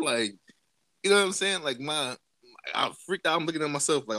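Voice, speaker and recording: A man on a podcast telling a rowdy story, his pitch leaping all over as he plays out each voice he quotes. His voice is bright and forceful. It sits close and dry, with no room sound. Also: fairly quick, no room sound. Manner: animated, profane, acts out quoted voices with big pitch jumps. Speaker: podcast host. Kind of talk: casual storytelling among friends.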